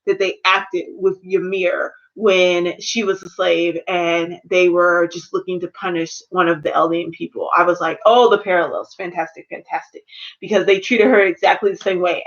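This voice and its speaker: A woman vlogger ranting casually about shows, slangy and animated, acting out her own reactions. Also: on the low side, normal speed, hardly any pauses, dull audio. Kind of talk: casual rant to camera.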